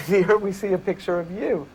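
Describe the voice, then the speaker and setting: A male researcher giving measured, lecturing explanations in an interview. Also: sits high, a little mellow, a little hiss or hum. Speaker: communication researcher.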